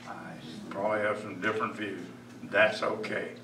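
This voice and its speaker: A man's voice: fairly low pitch, flat delivery, moderate pace, noisy background. Older man rambling to a crowd. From United States. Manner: folksy, rambling, with restarts. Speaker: guest speaker, retired Air Force officer. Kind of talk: informal speech to an audience. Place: museum event room. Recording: echoey room, distant mic, background ambience.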